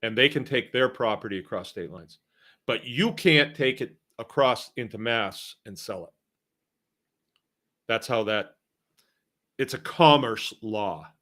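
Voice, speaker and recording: Speaking at a medium pitch with a pushed, bright delivery, this host is a middle-aged Massachusetts man. He runs a laid-back live stream, reading viewer comments out loud and rambling along with chuckles.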